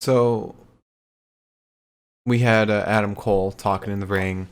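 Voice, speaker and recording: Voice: low voice, fairly even intonation, measured pace, long pauses, smooth. A podcast co-host recapping wrestling in a laid-back, casual way.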